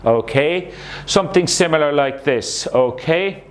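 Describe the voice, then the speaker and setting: A man's voice: a little high, lively intonation, unhurried. A man teaching a recorded English lesson to young pupils, explaining patiently and checking in with "okay?" as he goes. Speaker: primary school English teacher.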